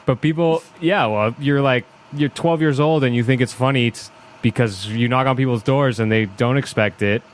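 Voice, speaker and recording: A man hosting a casual podcast chat, relaxed and rambling as he talks. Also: medium pitch, moderate pace, slight background noise.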